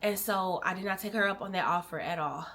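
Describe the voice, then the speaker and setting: A young adult woman from Illinois, telling viewers a heartfelt personal story in a candid, emotional way, swinging from animated bursts to quiet, soft-spoken moments. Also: mid-range voice, a little fast. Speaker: vlogger.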